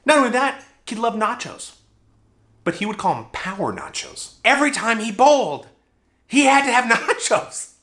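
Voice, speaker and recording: A man's voice: very high voice, very animated, normal speed, sharp tone. A young man telling a comedic childhood story in a vlog, exaggerating and laughing at his own jokes.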